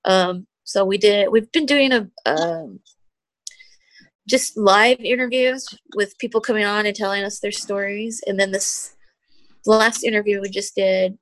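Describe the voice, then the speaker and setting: A woman's voice: medium pitch, fairly even intonation, unhurried, fairly bright tone, dry recording. A woman guest in a casual podcast chat, explaining at length. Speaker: podcast guest, band member.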